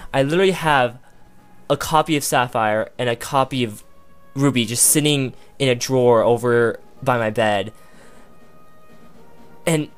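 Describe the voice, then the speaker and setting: A let's play host giving video game commentary, excitable and gushing, rambling with restarts and sometimes bursting into emotional outcries. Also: medium pitch. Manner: rambling with frequent restarts and filler.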